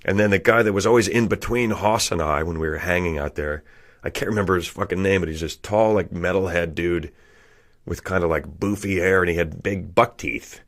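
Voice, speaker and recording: A man's voice: low voice, fairly quick. A man telling a profane work story in casual podcast chat, laughing often as he goes.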